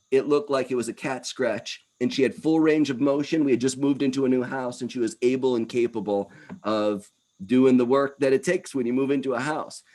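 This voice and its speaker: A man in his fifties giving an energetic wellness presentation, animated and talking in quick bursts. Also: medium pitch. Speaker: wellness speaker. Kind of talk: presentation talk.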